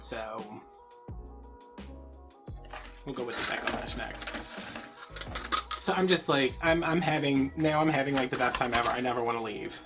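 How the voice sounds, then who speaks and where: A man, telling a gossipy story in a casual, chatty way while he crafts. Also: mid-range voice. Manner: chatty, gossipy, heavy use of filler words. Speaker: crafting vlogger.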